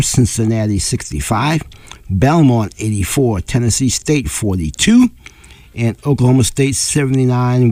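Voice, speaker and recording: A male local radio announcer losing his voice, reading sports scores on air in plain, unhurried fashion, clearing his throat now and then. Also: medium pitch, darkish tone, dry recording. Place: radio studio.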